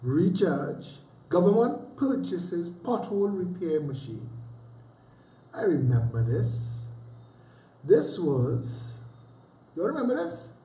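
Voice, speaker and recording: Very animated yet slow, with frequent pauses, this high-pitched, dark-toned Trinidadian livestream host rambles through casual commentary. Heavy dialect and sarcastic teasing run throughout, and the room gives off a roomy echo.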